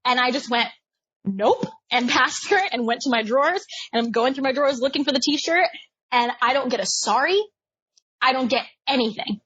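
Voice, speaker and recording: A young adult woman telling a story as a guest, animated and laughing often. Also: high-pitched, moderate pace, husky, dry recording, highs cut off. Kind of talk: casual storytelling.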